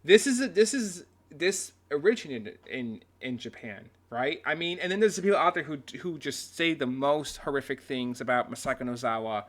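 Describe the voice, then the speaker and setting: A man's voice: mid-range voice, fairly bright tone. A man hosting a casual reaction video who rants, swears often and restarts his sentences a lot. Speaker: video host.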